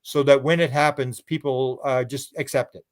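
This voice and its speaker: A man's voice: mid-range voice, fairly even intonation, moderate pace. A man talking as a radio show guest in a loose, rambling way, often repeating words and restarting sentences. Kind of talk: casual radio interview talk.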